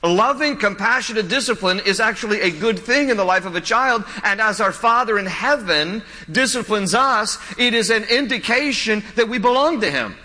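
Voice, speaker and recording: A man preaching a sermon as a pastor, repeating his key points and telling stories with animated, lively delivery. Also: high-pitched, normal speed, few pauses. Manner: animated storytelling with laughs and quoted voices. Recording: long hall reverb.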